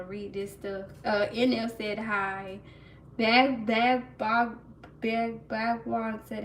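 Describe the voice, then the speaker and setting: A woman's voice: on the high side, steady tone, takes it slowly, a little hiss or hum. A woman hosting a casual livestream, chatting to viewers and laughing nervously. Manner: laughs nervously, talks to chat, restarts. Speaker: livestream host. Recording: roomy echo, mic a bit far, faint ambience.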